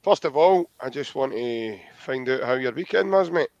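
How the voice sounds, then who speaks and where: A man's voice: mid-range voice, lively intonation, normal speed, a little mellow, no echo. A man with a Scottish accent, hosting a casual football podcast in a chatty, friendly way and laughing easily. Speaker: podcast host. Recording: dull lo-fi dry audio.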